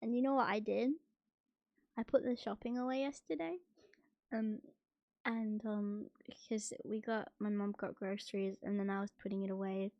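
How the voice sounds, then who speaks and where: A young woman chatting casually on a stream, soft and hesitant, with many fillers. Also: mid-range voice, fairly even intonation, moderate pace, no echo, highs cut off. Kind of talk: casual chat.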